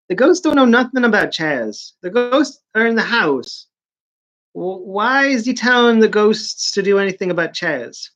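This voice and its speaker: A man recapping comic stories in a casual, mocking way, with deadpan asides as he rambles. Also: high-pitched, moderate pace, highs cut off. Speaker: comic book reviewer.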